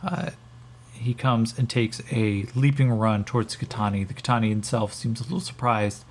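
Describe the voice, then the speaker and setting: A man narrating a solo tabletop game as game master, thinking aloud, halting and swearing as he rolls. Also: fairly low pitch, steady tone.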